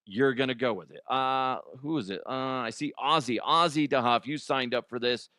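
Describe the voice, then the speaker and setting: A man hosts a comedy podcast, rambling loosely through a casual monologue and laughing between bits. His mid-range voice has a sharp tone at normal speed, recorded with studio quality and no room sound.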